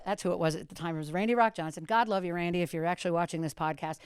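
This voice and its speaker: A woman in her fifties, a radio host on a podcast, telling stories with big, lively swings into a high voice when she quotes people. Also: fast talker, few pauses, clean tone, no echo, clean studio sound. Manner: animated storyteller, acts out quotes in a high voice. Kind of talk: casual storytelling chat.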